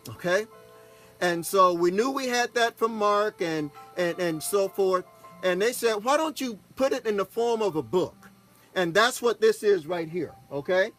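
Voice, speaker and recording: In a high-pitched voice with a fairly bright tone, a Texan pastor and broadcast host recounts something from his own life. His delivery is casual and folksy, and he habitually checks in with listeners by saying "okay?"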